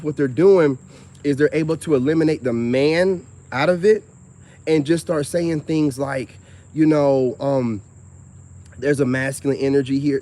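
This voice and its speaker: A man's voice: medium pitch, darkish tone, a little hiss or hum. A man talking loosely and at length straight to his viewers, outdoors by a road. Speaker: vlogger. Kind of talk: casual monologue to camera.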